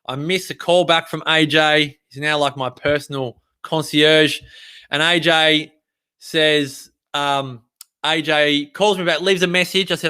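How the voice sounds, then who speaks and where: Australian man, chatty storyteller, lively, bright forceful voice, fairly high. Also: a little slow, clear, resonant tone. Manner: animated, chatty. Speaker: vlogger. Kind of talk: casual storytelling.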